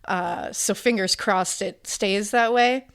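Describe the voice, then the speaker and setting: A woman's voice: medium pitch, takes it slowly, a bit bright, clear, resonant tone. A woman in her forties co-hosting a podcast, talking in an emotional, rambling way with many fillers and restarts. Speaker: podcast co-host. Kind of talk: casual podcast chat.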